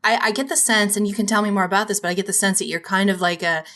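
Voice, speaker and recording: A woman from Minnesota hosts a casual podcast interview at a medium pitch. She talks in a friendly, chatty way and laughs easily as she asks her guest questions. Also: fairly even intonation, very fast, fairly bright tone. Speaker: podcast host.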